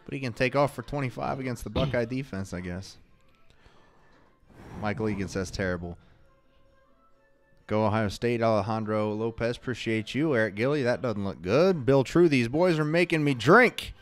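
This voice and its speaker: A man's voice: lowish voice, normal speed, pauses often, darkish tone, soft background music. A man co-hosting a casual watch party stream, calling plays and reading viewer comments aloud with a wry, exasperated manner.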